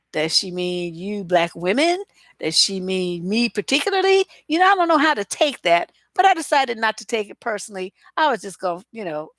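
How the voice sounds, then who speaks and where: A woman's voice: medium pitch, a bit bright, no room sound. Blunt, chatty woman relationship coach. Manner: chatty and blunt, many "you know" fillers. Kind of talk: casual livestream advice talk.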